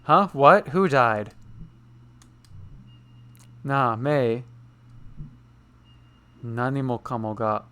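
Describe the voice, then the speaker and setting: A man's voice: medium pitch, fairly even intonation, very slow, pauses often, a bit bright, clean tone. A man live-streaming a game, reading its lines aloud in two languages and translating them in a casual, amused chat.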